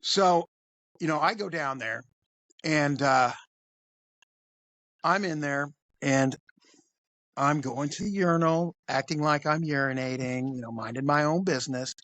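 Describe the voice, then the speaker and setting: A man, a police officer, telling a crude story in an animated, conversational way. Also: fairly high pitch, measured pace, pauses often, no room sound. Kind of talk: casual storytelling.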